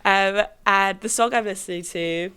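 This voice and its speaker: A woman's voice: mid-range voice, moderate pace, bright, forceful tone, smooth. A woman hosting a podcast, chatting casually, swearing freely and trailing off with fillers. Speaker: podcast host. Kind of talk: casual chat.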